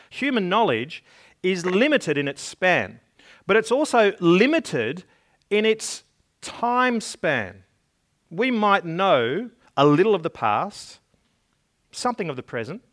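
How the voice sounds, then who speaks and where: A man's voice: fairly high pitch, fairly bright tone. A man preaching a sermon, earnest and emphatic, reading scripture aloud and repeating words as he builds his points. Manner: reads scripture and stories aloud.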